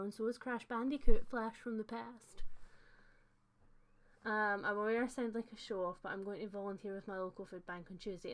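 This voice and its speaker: Young woman, casual livestream chat, bright clear voice, chatty, lots of ums. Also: medium pitch. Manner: chatty, reads out viewer comments, frequent fillers and laughs. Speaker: host of a livestream book chat.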